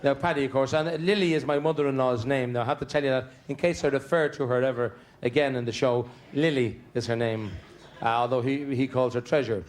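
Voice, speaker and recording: Chatty Dublin comedian telling stories. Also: male voice, medium pitch, fairly quick. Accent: Dublin Irish. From Dublin, Ireland. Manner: chatty, deadpan storytelling. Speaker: stand-up comedian. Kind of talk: stand-up comedy storytelling.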